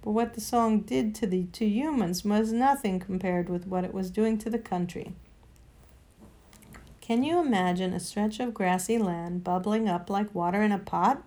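A woman's voice: medium pitch, moderate pace. Woman reading a storybook aloud. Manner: expressive, lively read-aloud.

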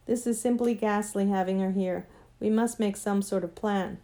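A woman voicing an earnest, anxious young boy who pleads excitably in a storybook reading. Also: mid-range voice, moderate pace, close to an everyday voice. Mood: pleading.

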